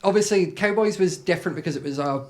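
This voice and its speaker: A man's voice: sits high, quick pace, a little mellow. A young man from Scotland with a Scottish accent, chatting casually as a podcast guest and rambling with lots of filler words.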